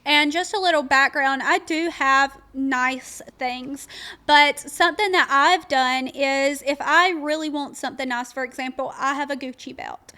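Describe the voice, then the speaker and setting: A woman's voice: high-pitched, measured pace. A young woman with a mild Georgia Southern accent, telling stories animatedly to listeners in a casual chat. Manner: animated storytelling, addresses listeners directly. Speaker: podcast co-host, pageant titleholder.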